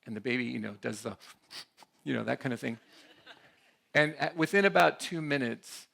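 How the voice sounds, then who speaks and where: A man's voice: mid-range voice, expressive, moderate pace, gravelly, a bit bright. A man giving a conversational talk at a church conference, often checking in with the audience. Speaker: conference speaker.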